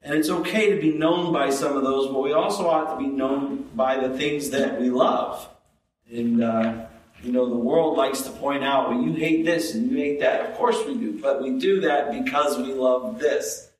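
A man preaching a sermon as pastor, slow and emphatic, repeating phrases for stress. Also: mid-range voice. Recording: echoey room, distant mic.

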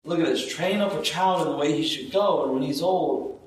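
A man preaching a sermon as pastor, slow and emphatic, rising in intensity on key points. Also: a little high. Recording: roomy echo, distant from the mic.

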